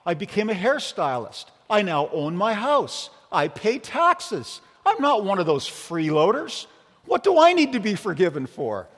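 A defiant, self-assured woman hairstylist protests emphatically, as a male preacher voices her. The voice sits noticeably higher and pushes each point hard. It rings with a long reverb in a church. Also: big pitch swings, measured pace, fairly bright tone, exaggerated voice. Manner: raised pitch, emphatic protesting delivery, no accent attempted.

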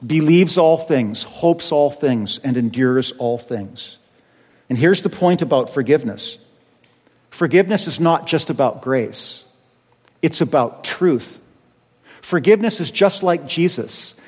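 A man's voice: fairly high pitch, expressive, takes it slowly, a little mellow, long reverb tail. A male pastor preaching a sermon, acting out the people he quotes.

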